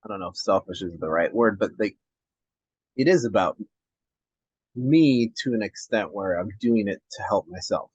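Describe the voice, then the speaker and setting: A man hosting a podcast interview, talking in a halting way while he searches for his words. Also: on the low side, darkish tone, breathy edge, no echo, muffled recording. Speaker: podcast host. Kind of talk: casual interview chat.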